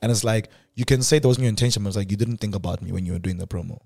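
A young man from South Africa hosting a podcast, telling stories in a casual chat and dropping low when upset. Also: gravelly. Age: 20s. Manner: fast, animated storytelling, drops to low muttering when upset. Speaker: podcast host.

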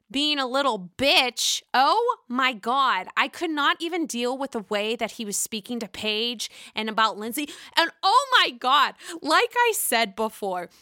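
Excitable Pittsburgh woman gossiping, bright voice. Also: on the high side, no echo, studio quality. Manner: excitable, profane and gushing. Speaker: host. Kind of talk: casual reality-TV gossip commentary.

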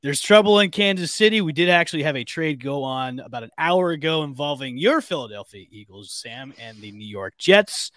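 A young man hosting a sports podcast in casual, joking chat with quick bursts of energy. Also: a little high, fairly bright tone, no room sound. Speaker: podcast host.

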